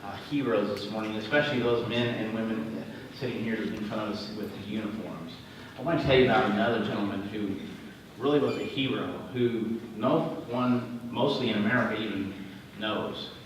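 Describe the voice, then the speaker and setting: A man's voice: on the low side, normal speed. A middle-aged man tells a history story at a breakfast banquet, folksy and given to joking asides. He sounds far from the mic in a big hall with heavy reverb and a faint hum of room noise. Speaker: regional Red Cross executive. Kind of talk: banquet speech.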